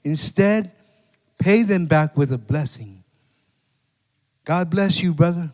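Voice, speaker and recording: A man's voice: a little high, slow pace. A man preaching a sermon as pastor, talking to the congregation in a conversational way and often asking "right?". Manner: conversational preaching with repeated "right?" and scripture quotes. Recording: long hall reverb.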